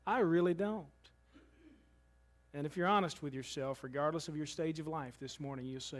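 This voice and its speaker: Male pastor, fairly high voice, relaxed sermon delivery with joking asides to the congregation. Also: normal speed. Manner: conversational preaching with humorous asides.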